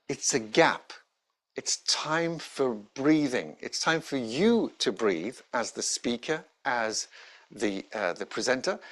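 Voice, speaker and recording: A man coaching viewers on presenting, his voice sitting at an ordinary middle pitch. He talks straight to camera in an instructional tone, punching key words and moving between peaks and troughs of intonation. Deliberate pauses break up his points. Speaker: presentation skills trainer.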